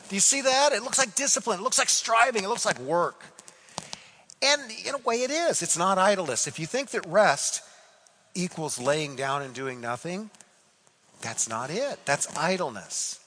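A man preaching a sermon as pastor, animated, repeating phrases for emphasis. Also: high-pitched, slightly rough, long reverb tail, rough recording.

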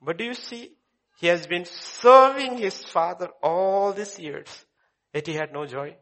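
A male pastor preaching emphatically, swinging between loud exclamations and hushed asides. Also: sits high, unhurried. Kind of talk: sermon.

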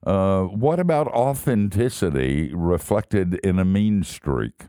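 Male host, very deep voice that swings widely, dry close sound, jokey. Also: animated, takes it slowly, dark tone, clear, resonant tone, no echo. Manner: folksy, joking, enthusiastic. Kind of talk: casual chat.

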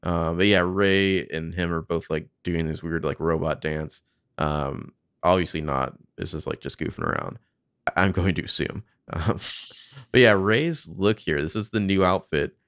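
Gravelly, deep-voiced man chatting casually. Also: unhurried, fairly bright tone, no room sound, studio quality. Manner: casual, swears freely, thinks aloud. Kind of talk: casual commentary on behind-the-scenes footage.

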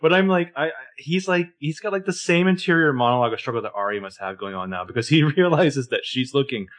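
A man co-hosting a podcast in casual recap chat. His voice sits at a medium pitch, and he retells scenes with lively quoted lines. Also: fast. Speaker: podcast co-host.

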